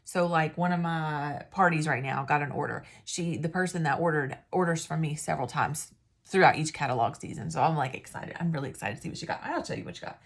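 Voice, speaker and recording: A woman's voice: low-pitched, brisk. A woman giving casual, rambling sales advice, often losing her train of thought. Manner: rambling, chatty, self-interrupting. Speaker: independent sales consultant. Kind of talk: casual talking-to-camera advice.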